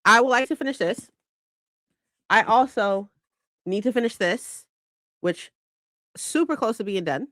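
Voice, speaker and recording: A woman's voice: fairly high pitch, unhurried, pauses often, fairly bright tone, no echo. A woman hosting a casual live stream, chatty and bubbly, greeting viewers and laughing often.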